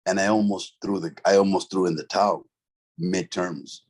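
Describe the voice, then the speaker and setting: Husky streetwise man storytelling. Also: deep voice, moderate pace. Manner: streetwise, profane, fillers like bro and right. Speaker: interview guest, former convict. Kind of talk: casual storytelling.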